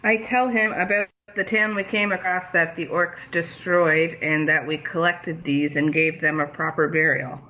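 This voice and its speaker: Earnest tabletop player, bright tone, average pitch. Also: fairly even intonation, normal speed, hardly any pauses, a little hiss or hum, poor audio. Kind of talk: tabletop game play.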